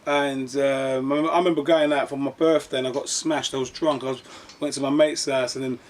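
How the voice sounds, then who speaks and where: A man's voice: mid-range voice, fairly even intonation, fairly quick. A man, an actor chatting casually and telling rambling stories with restarts. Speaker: actor and guest. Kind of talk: casual conversation, storytelling.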